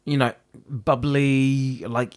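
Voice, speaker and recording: A man co-hosting a casual chat podcast, excitable and gushing, laughing often. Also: mid-range voice, slow pace, crowd noise. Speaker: podcast co-host.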